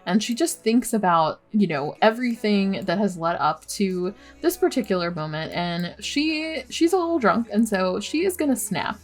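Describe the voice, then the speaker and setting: A woman's voice: mid-range voice, animated, normal speed, hardly any pauses. A young woman hosting a let's play, chatting casually and giggling as she reacts to the game with dismay. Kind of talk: casual gameplay commentary.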